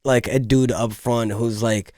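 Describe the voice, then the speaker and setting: A man's voice: mid-range voice, steady tone, measured pace, darkish tone, no room sound, studio quality. A young man co-hosting a podcast, chatting casually and narrating role-play scenes with animation. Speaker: podcast co-host. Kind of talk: casual chat.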